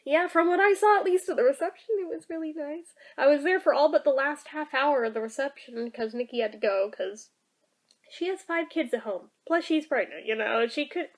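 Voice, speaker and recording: A woman's voice: sits high, fairly quick. A woman vlogger in casual, chatty talk, emotional and sprinkled with "like" and "um". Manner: chatty and emotional, many fillers like "like" and "um". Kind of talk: casual vlog chat.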